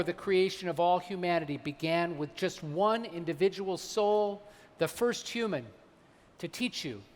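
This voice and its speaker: A man, a rabbi, delivering a holiday sermon, slowing down and weighing his words when he quotes sacred texts. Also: on the high side. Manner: measured, slows for emphasis on quoted texts. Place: large synagogue sanctuary. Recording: long hall reverb.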